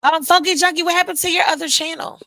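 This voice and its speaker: A woman's voice: very high voice, fairly even intonation, fast, sharp tone, dry recording, poor audio. A woman hosting a live stream, chatting casually with viewers in a loose, profane way with laughing asides. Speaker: livestream host.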